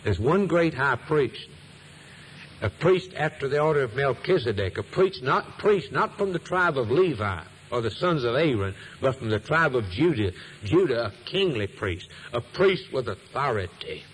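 A man's voice: medium pitch, big pitch swings, normal speed, slight background noise, low-quality recording. A male preacher delivering a sermon in an emphatic cadence, repeating phrases and letting his voice rise and fall for weight.

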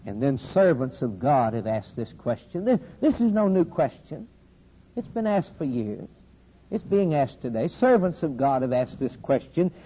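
A man preaching a sermon, with a steady preaching cadence that builds to loud, emphatic climaxes with dramatic pauses. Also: mid-range voice, slightly rough. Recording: dull lo-fi sermon recording with faint hiss.

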